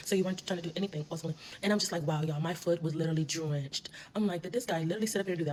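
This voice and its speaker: A woman tells a casual storytime at a rapid clip, animated and full of slang and swearing. Her voice sits a little low. There is faint noise behind her. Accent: US Southern. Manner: animated, swearing, laughing while telling.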